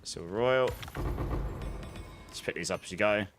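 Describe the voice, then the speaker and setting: A man's voice: fairly low pitch, unhurried, background noise. A man giving casual, chatty gameplay commentary as a streamer, laughing often and humming little filler tunes. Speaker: game streamer.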